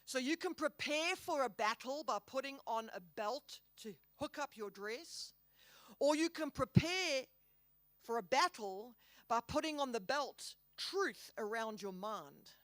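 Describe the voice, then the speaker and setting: Woman conference speaker giving a faith talk; emphatic, leans on key words, fairly high voice, dry close sound. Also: lively intonation, fairly bright tone, no echo. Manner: earnest, emphatic, slows down to stress key words. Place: hall.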